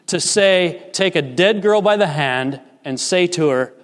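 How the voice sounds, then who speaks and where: A man preaching a sermon as a pastor, swinging from loud, rising emphasis to hushed, low asides. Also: lively intonation, unhurried. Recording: reverberant hall.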